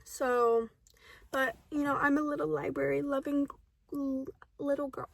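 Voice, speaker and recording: A young woman talking casually to her phone camera at home about books she read, dramatic, swinging from mumbled asides to excited shouts. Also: high-pitched, measured pace, gravelly, dry recording. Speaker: book vlogger. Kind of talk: casual book review chat.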